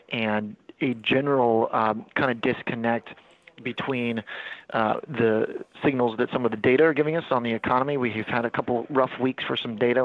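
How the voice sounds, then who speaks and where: A man, a financial news anchor, gives steady, analytical market commentary. His delivery is fluent and even. The remote line is dull and dry. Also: mid-range voice, dry recording.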